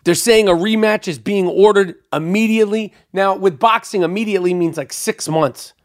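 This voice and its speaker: A podcast host talking in a loose monologue, heavy on profanity and emphasis. He rambles and repeats himself, and his voice sits notably high for a man. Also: normal speed, dry recording, studio quality.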